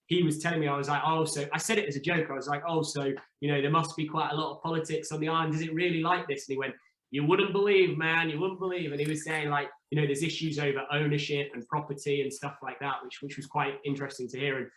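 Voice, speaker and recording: A man's voice: on the high side, little pitch movement, fast, a bit bright, echoey room, rough recording. A man, a podcast guest, telling a story in casual chat, rambling and full of restarts. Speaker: podcast guest, former reality show contestant.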